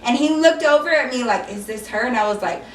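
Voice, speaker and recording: A woman's voice: a little high, expressive, quick pace, a little hiss or hum. Chatty young woman, echoey room. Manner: chatty, frank, swears freely. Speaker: vlogger telling a story. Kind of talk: casual storytime. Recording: echoey room, mic a little far off.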